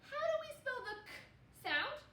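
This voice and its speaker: A young woman teaching second graders phonics in a slow, sing-song way, sounding out words for the children. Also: very high-pitched, sing-song, bright, forceful tone, echoey room, recorded from a distance, a little hiss or hum.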